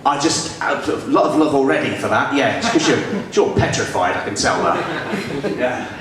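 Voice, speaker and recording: A young man in his twenties with a generic northern English accent doing a lively, self-deprecating stand-up set on a small club stage. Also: mid-range voice, moderate pace, a crowd in the background. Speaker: stand-up comedian. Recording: far-off echoey club recording with audience. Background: audience laughter and room noise.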